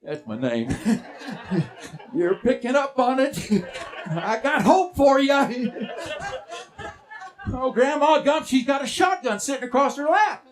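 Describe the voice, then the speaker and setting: Playful storyteller, lively voice. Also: male voice, extremely high pitch, slow, a crowd in the background. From Texas. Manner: playful, teasing, animated asides to audience. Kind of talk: live storytelling performance. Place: stage before a live audience.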